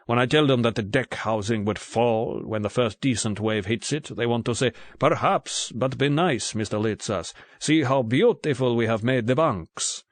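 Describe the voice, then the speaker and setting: A male audiobook reader voicing a proud, gruff Greek man with a deep voice. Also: dry recording, natural voice. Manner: measured, contemptuous. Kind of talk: audiobook character voice.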